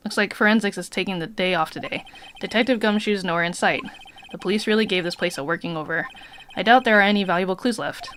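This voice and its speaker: A woman reading the lines of a wry young male defense lawyer in a dry, deadpan way. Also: medium pitch, fast talker, slight background noise, close to an everyday voice.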